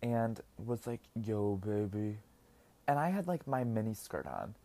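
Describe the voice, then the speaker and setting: A man's voice: medium pitch, wildly swooping pitch, moderate pace, dark tone. A young man hosting a podcast, telling personal stories in a casual monologue. He is chatty, laughs often, and fills his speech with 'like' while he eats. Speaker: podcast host. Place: indoors, eating while recording.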